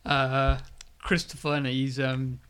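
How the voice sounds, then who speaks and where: A man's voice: mid-range voice, little pitch movement, unhurried, fairly bright tone, smooth. A young man co-hosting a podcast, swearing a lot and laughing often in casual chat. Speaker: podcast co-host.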